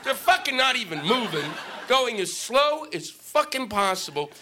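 A man's voice: very high-pitched, big pitch swings, moderate pace, pushed and bright, a little hiss or hum. A middle-aged male stand-up comic on stage, ranting in a sarcastic, profane way. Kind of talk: stand-up comedy set. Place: comedy stage before a live audience.

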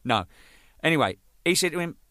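A man's voice: on the high side, a little fast, no echo. A man telling band stories in a casual, swearing, laughing way. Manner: animated, swearing, laughing, shouting out quoted lines. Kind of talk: casual storytelling monologue.

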